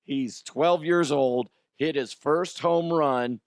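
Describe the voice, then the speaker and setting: A middle-aged man and show host telling a story in an animated way, jumping from loud outbursts to quiet asides. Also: a little high, slow pace, dry recording, clean studio sound. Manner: excitable, swings from loud shouts to quiet asides.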